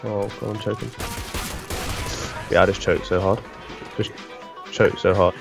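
A man chatting with teammates during a match over a headset, swearing and laughing through quick callouts. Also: lowish voice, steady tone, creaky, music in the background. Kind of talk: gameplay voice chat.

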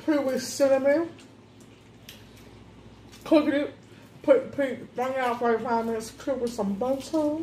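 A woman's voice: sits high, unhurried, long pauses, mellow. A woman vlogger in a casual mukbang chat who laughs often and explains things step by step. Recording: echoey room, faint room noise.

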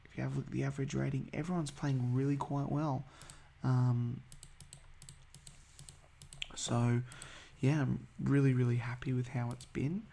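A man's voice: mid-range voice, level tone, normal speed, vocal fry, dark tone, a little hiss or hum. A man giving casual, hesitant commentary over a football management game, full of ums and uhs. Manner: chatty, hesitant, many ums. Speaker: gaming video host.

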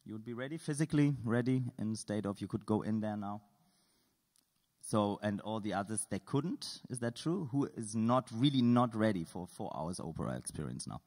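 A man with a fairly low voice leads an interactive lecture, quizzing the audience with dry, playful questions. His voice rings with the long reverb of a lecture hall. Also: animated, moderate pace, darkish tone. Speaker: artist giving a lecture. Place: lecture hall at an art school.

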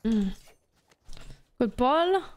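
A woman streaming a game and chatting with her viewers in a loose, playful way. Her voice sits a little high, and she swears, laughs easily and reads messages from chat aloud. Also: lively intonation, extremely slow. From Canada. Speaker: VTuber streamer. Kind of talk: casual live-stream chat while gaming.

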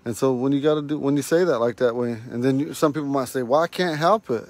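A man gives a casual online language lesson recorded at home on a phone, with a dry sound. In a mid-range voice, he says each word slowly and repeats it for learners.

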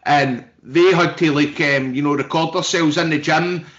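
A man from co-hosting with loose, joking chatter. His voice is bright and fairly high, and the sound is dull, lo-fi home call audio. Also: fairly even intonation, normal speed. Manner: joking, rambling. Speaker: podcast co-host. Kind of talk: casual podcast banter. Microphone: home call over video chat.

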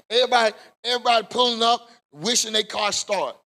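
A man a Bible study sermon in call-and-response style, rising to shouts at the peaks. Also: extremely high pitch, quick pace. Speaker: pastor.

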